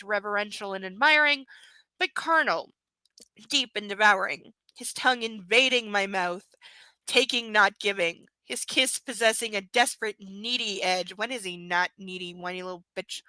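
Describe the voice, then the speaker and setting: A woman reading a romance novel aloud on a live stream, breaking off for sarcastic, mocking asides and dipping into soft whispers. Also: fairly high pitch, moderate pace, clean tone, dry recording, rough recording. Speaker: live-stream book reader.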